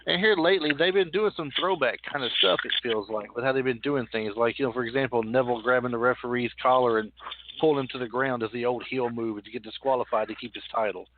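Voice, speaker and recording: Talking fast in a mid-range voice, a podcast host rambles through a casual recap, going over the same points again as he thinks aloud. It sounds tinny, like a phone, with light hiss.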